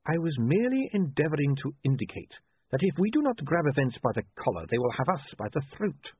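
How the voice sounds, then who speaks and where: A man voicing a cool, calculating male ruler who speaks in a precise, measured, dryly sardonic way. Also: a little high, big pitch swings, breathy edge, voice pushed up. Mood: sharp. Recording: tinny phone-like line.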